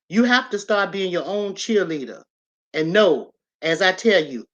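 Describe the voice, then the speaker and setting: A woman's voice: fairly low pitch, lively intonation, a little slow, fairly bright tone. A woman hosting a livestream, giving a casual, preachy motivational talk, emphatic and repetitive as she addresses her viewers directly. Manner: emphatic and repetitive, talks straight to the audience.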